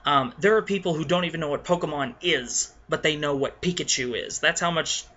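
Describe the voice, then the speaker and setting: A young man hosting a casual gaming countdown, talking in a rambling, nostalgic way with many pauses. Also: fairly high pitch, bright, forceful tone, highs cut off, slight background noise. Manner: rambling and nostalgic, lots of ums and restarts. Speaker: gaming video host.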